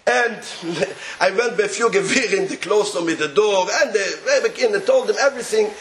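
A man with a Yiddish accent telling a rabbinic tale in an animated way, chuckling as he goes and mixing in Yiddish and Hebrew words. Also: sits high, moderate pace, roomy sound, slight background noise. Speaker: storyteller.

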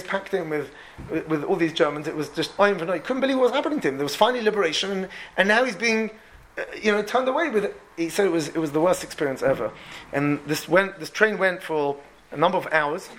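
Male preacher, high voice, lively storyteller who acts out his characters. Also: slight background noise. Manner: animated, repeats words, voices the people in the story. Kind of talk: storytelling sermon.

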